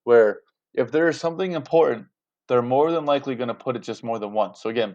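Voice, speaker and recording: A male teacher explains Shakespeare in a relaxed, chatty way, often checking in with his students. His voice sits at a middle pitch, and the recording sounds a little muffled and lo-fi. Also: fast talker. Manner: chatty, checks in with "right?" and "you guys". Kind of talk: casual classroom explanation.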